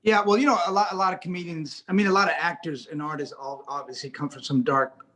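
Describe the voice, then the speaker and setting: A man's voice: on the high side, steady tone, quick pace, bright, forceful tone. A middle-aged man speaking on a video call as an interview guest, talking casually with lots of stammered restarts and self-deprecating jokes. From United States. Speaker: actor and director, interview guest.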